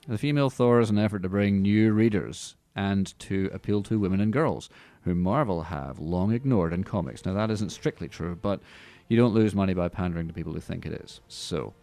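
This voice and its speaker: A man's voice: sits low, fairly quick, vocal fry, hardly any pauses, mellow, no room sound. A man hosting a movie podcast, reading news with dry, mocking asides. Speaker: podcast host. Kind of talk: casual comedic movie news chat.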